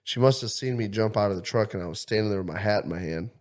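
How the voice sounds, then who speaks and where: A man co-hosting a podcast, telling a story in a profane, excitable way. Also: on the low side, fast talker. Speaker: podcast co-host. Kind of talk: casual chat, storytelling.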